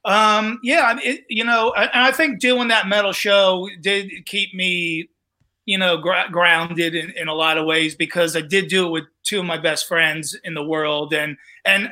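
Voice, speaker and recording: Bright, high-voiced man telling stories. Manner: animated storyteller, acts out quoted voices. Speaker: comedian and TV host. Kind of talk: casual podcast storytelling.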